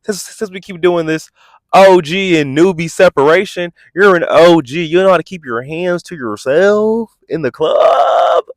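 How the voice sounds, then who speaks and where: Brief: incredulous male reality-TV reviewer, a bit high-pitched, dry close mic. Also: unhurried, no echo. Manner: animated, incredulous, sassy, keeps asking "are you serious". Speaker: reality TV reviewer, channel host. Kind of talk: casual commentary vlog.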